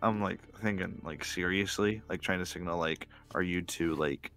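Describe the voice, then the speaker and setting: A man playing a tabletop game who talks in a casual, laid-back way, with soft music behind. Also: deep voice, normal speed. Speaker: player.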